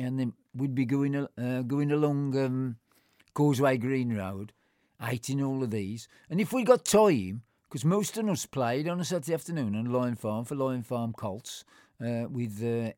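A man's voice: mid-range voice, moderate pace, a little mellow, no echo. Older man, Black Country accent, rambling nostalgic storyteller, dry close sound. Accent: Black Country English. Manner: rambling, full of fillers and self-corrections; acts out other people's voices in anecdotes. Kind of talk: casual reminiscing.

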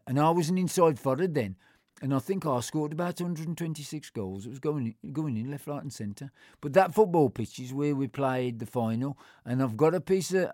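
A man's voice: mid-range voice, warm tone, no room sound. Older man, Black Country accent, rambling nostalgic storyteller, dry close sound. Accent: Black Country English. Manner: rambling, full of fillers and self-corrections; acts out other people's voices in anecdotes. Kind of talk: casual reminiscing.

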